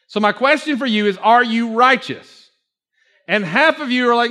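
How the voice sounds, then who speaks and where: High bright-voiced guy preaching a fired-up church sermon, repeats himself, gets loud. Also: expressive, fairly quick. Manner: fervent, repeats phrases, rising to near-shouts. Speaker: pastor.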